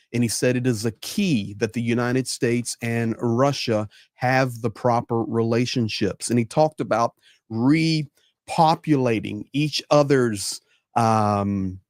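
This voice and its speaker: A man's voice: medium pitch, a little mellow, no echo, clean studio sound. A man hosting a casual political commentary livestream, emphatic and given to repeating phrases. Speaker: livestream host.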